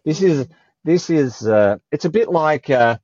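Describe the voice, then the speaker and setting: A man's voice: a little high, expressive, measured pace, a little mellow, no room sound, highs cut off. An Australian man talking emotionally in a spiritual conversation, often searching for words. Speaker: guest.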